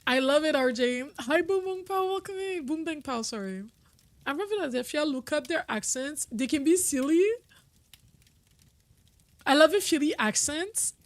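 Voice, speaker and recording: A woman's voice: high-pitched, lively intonation, moderate pace, no echo. A young woman streaming a video game, chatting casually and rambling with frequent laughs. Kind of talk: casual gameplay commentary.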